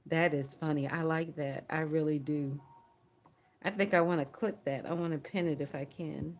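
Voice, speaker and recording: A woman's voice: low voice, steady tone, measured pace, long pauses. A woman hosting a livestream prayer watch, chatting casually, laughing often and reading viewer comments aloud.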